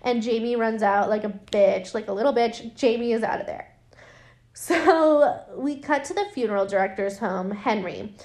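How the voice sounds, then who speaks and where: A woman's voice: fairly high pitch, normal speed, darkish tone. A woman recapping a film in casual chat, rambling with lots of fillers and swearing, her voice worn and her throat dry. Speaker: podcast host recapping a film.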